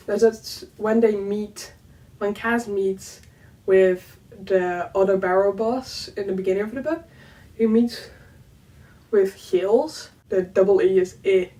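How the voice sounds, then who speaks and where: A woman's voice: mid-range voice, darkish tone, recorded from a distance, low-quality recording. A young woman with a Dutch accent, chatting in a casual vlog, giggling and using lots of fillers. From Netherlands. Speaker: YouTuber.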